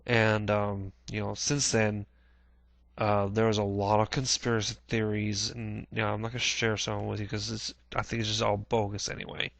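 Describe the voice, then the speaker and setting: A man vlogging a casual personal recollection, halting with many restarts, clearing his throat often and swearing casually. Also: fairly low pitch, flat delivery, a bit bright, no echo. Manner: plain-spoken, swears casually.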